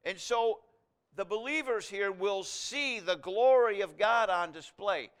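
A man preaching a sermon, reading scripture aloud and explaining it verse by verse, rising to loud emphatic passages. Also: high-pitched, measured pace, clean tone. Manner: expository Bible teaching, reads scripture aloud, swells loud on key lines.

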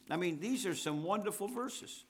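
Male preacher, slightly high voice, deliberate sermon delivery with scripture reading. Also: husky. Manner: reads scripture aloud, rising in pitch and force at climaxes.

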